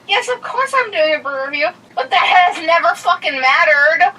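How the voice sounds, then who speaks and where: A woman rants with loud, exaggerated profanity, her high voice leaping up and down. She comes through a phone on speaker, sounding a little distant. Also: lively intonation, normal speed, heavy background noise. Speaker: caller, host's youngest daughter. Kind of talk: comic angry rant on a phone call.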